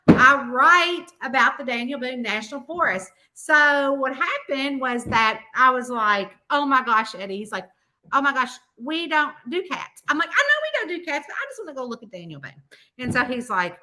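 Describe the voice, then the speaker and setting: On the high side, her voice sounds pushed and bright as the middle-aged Southern woman hosts a casual chat. She tells her audience a long story full of quoted voices, in an accent from the American South.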